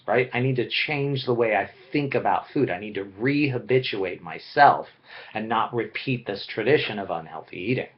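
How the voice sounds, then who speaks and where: A man's voice: on the low side, normal speed, muffled recording. A man giving a recorded philosophy lecture in a conversational way, often checking in with "right?". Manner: conversational, frequent "right?" tag questions.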